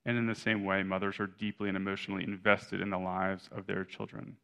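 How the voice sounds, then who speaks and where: A man's voice: low-pitched, little pitch movement, fast talker, creaky, bright, forceful tone. A young adult man preaching a sermon as pastor, in a conversational way, correcting himself and often adding "right?" asides.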